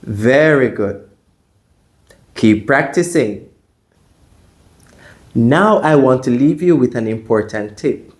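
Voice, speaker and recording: A man leading a pronunciation drill at a very slow, deliberate pace. His voice sits at an ordinary middle pitch, and he speaks as a patient teacher asking learners to repeat after him. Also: animated. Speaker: language teacher.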